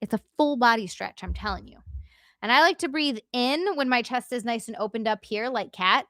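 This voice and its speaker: A high-voiced woman hosts a loose, playful livestream from home, chatting with viewers and walking them through stretches. She jokes, swears freely, and sounds a little winded from exercising. The sound is dry and close on a headset mic. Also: animated, moderate pace, a bit bright, no echo. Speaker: livestream host. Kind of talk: casual livestream chat with exercise demo.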